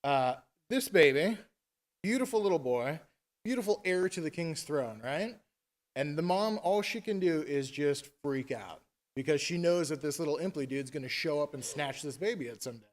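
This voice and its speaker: A man retelling a fairy tale at a conference in a casual, animated, chatty way. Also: a little high, normal speed. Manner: animated, chatty, tag questions. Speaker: conference speaker. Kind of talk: casual storytelling talk.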